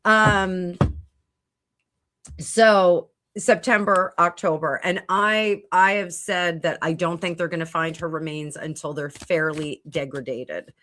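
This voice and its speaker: A woman's voice: lowish voice, steady tone, takes it slowly, fairly bright tone, slight background noise. Rambling woman psychic on a livestream. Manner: rambling, thinks aloud with many fillers and restarts. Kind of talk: casual livestream chat answering viewer comments. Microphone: computer mic at a home livestream.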